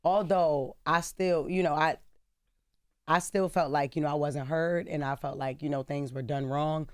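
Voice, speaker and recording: A woman's voice: low voice, steady tone, moderate pace, dry recording. A woman radio co-host talking frankly and casually in a radio studio, swearing freely. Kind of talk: candid radio talk.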